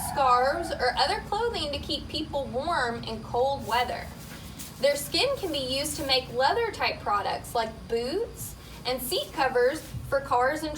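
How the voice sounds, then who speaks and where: A woman reading a Bible lesson about shepherds to children in a steady, informative way. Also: high-pitched, recorded from a distance. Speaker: Bible story teacher. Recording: set back from the mic, clear background noise.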